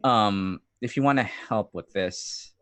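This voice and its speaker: A man playing in a tabletop game, talking in a hesitant, excitable way. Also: lowish voice, takes it slowly. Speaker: player. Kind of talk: casual game chat.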